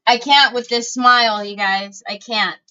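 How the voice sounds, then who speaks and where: A woman's voice: fairly high pitch, steady tone, measured pace, sharp tone, clean tone, muffled recording. A woman hosting a casual crafting livestream, chatting to viewers and calling out to her family as she works. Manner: chatty, breaks off to call to family.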